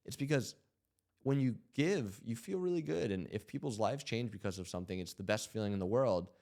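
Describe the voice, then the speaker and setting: Deep-voiced man telling a story. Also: a little fast, gravelly, darkish tone. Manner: earnest, reflective, many "you know" and "like" fillers. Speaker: podcast host. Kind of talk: casual podcast storytelling.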